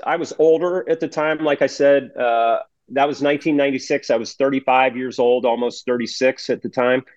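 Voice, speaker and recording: A man in his sixties being interviewed, speaking in a measured, plainspoken way with frequent pauses and fillers. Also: mid-range voice, no echo. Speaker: guest, retired federal agent. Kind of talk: conversational interview. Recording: slightly muffled audio.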